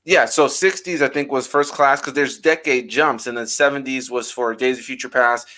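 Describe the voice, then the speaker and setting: A man hosting a casual chat, rambling and animated, with plenty of fillers. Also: medium pitch, normal speed. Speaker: host.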